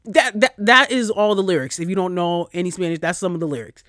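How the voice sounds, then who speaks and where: Male solo podcaster, a touch high, cussing, animated, close and dry. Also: fast talker, dry recording. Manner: profane, animated storyteller. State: recovering from a cold. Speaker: podcast host. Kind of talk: casual solo podcast rant.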